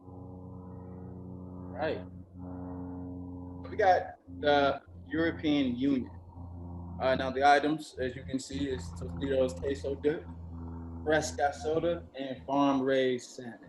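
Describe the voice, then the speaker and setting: An upbeat man hosting a comedy game, announcing rounds and reading out choices. His voice has a mid pitch and carries a roomy echo. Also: takes it slowly, long pauses, background noise. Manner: upbeat, reads out options. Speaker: game host.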